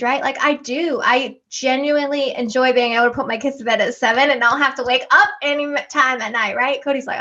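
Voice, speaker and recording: A woman's voice: high-pitched, a little fast, sharp tone. A woman in her thirties chatting casually and emotionally about her kids as a podcast co-host. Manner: chatty, emotional, laughing often. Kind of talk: casual chat. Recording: lo-fi muffled audio.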